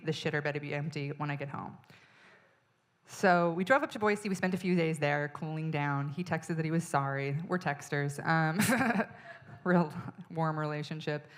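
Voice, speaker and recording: A woman comedian telling a profane, exasperated story on stage, now and then bursting into loud yelling. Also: deep voice, clear, resonant tone. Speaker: stand-up comedian. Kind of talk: stand-up storytelling.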